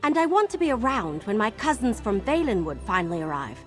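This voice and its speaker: A woman's voice: mid-range voice, very animated, brisk, soft background music, lightly acted. An actress voicing a cheerful, chatty young female elf ally who talks in a bubbly, earnest way. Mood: chipper.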